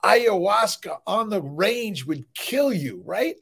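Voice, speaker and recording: Hosting a morning livestream, a middle-aged fertility doctor rambles emphatically through an energetic motivational monologue, tossing in blunt, profane asides and lots of "listen" and "right?". He speaks slowly in a high, very animated voice that's a bit bright, with vocal fry and a breathy edge.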